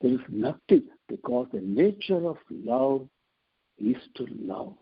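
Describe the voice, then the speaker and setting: A man giving an earnest devotional talk on scripture, explaining slowly and repeating phrases for emphasis, heard over a telephone line. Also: medium pitch, big pitch swings, husky. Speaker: spiritual teacher.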